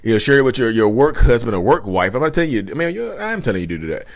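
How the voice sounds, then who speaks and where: A man hosting a casual advice vlog, talking straight to viewers, animated and repetitive. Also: mid-range voice, very fast. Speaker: channel host.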